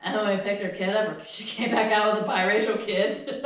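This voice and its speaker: A woman's voice: medium pitch, a little fast. A woman co-hosting a podcast, telling rambling, profane stories in casual chat. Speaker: podcast co-host. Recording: very echoey room.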